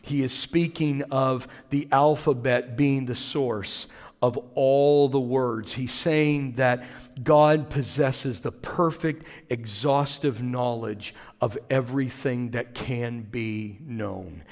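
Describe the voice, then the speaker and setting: A man's voice: mid-range voice, slow pace, a little mellow. A man preaching a sermon as pastor, talking in a conversational way with asides to the congregation. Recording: long reverb of a large hall.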